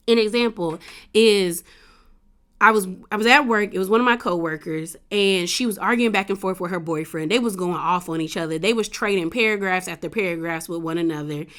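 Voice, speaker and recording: A woman vlogger giving a casual, chatty recap of a reality TV episode, speaking in slangy, animated storytelling. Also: mid-range voice.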